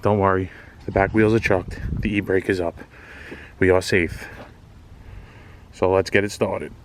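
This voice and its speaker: A man's voice: sits low, flat delivery, a little slow. A man doing his own oil change outdoors on a street, narrating casually to viewers and cursing in frustration. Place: outdoors on a street beside a car. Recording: noisy street recording, cars passing. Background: passing traffic.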